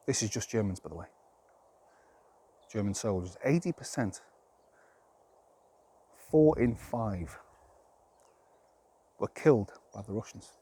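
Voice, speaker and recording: A man's voice: fairly low pitch, expressive, takes it slowly, long pauses, warm tone, husky. A man talking to camera outdoors in a rambling, plain-spoken, exasperated monologue of his opinions. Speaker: vlogger.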